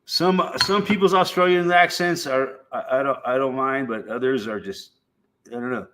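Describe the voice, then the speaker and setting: With a mid-range, slightly bright voice, this middle-aged American hosts a meandering livestream chat. He curses without restraint, laughs often as he goes, and stretches his words into slow, drawn-out talk.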